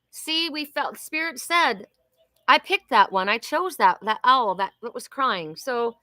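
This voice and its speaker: Woman in her sixties, bright, forceful voice, chatty live-stream host, dry close sound. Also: fairly high pitch, no echo. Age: 60s. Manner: effusive, chatty, talks to viewers by name. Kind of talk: live-stream oracle reading and chat.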